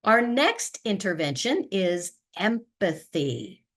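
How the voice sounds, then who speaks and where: A middle-aged woman leading a webinar for caregivers, explaining patiently and acting out calm, soothing sample replies. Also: medium pitch, takes it slowly. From USA. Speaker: webinar facilitator and family therapist. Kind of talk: educational webinar presentation.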